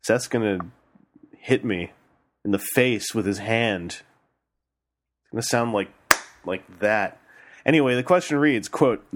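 A man's voice: on the low side, measured pace, long pauses. A man hosting a casual podcast, jokey and playful as he reads listener questions aloud. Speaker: podcast host.

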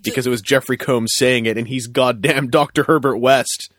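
A man hosting a casual podcast chat, rambling with stammered restarts and sudden excited outbursts. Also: mid-range voice, normal speed. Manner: rambling, repeats words when starting, bursts into excited shouts. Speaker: podcast host.

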